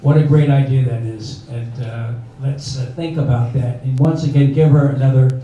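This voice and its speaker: An older man emcees a live benefit show in an indoor bar, chatting in a rambling way with many fillers. His voice is medium-pitched and steady at a normal speed. The recording is echoey and distant, with crowd noise and the highs cut off.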